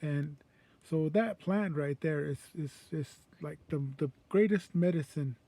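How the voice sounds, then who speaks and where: A man from the Sonoran Desert in southern Arizona, teaching culture and language in an informal spoken way. He pauses often and circles back, restarting his sentences as he goes. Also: a little high, warm tone. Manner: halting, circling speech with many pauses and restarts.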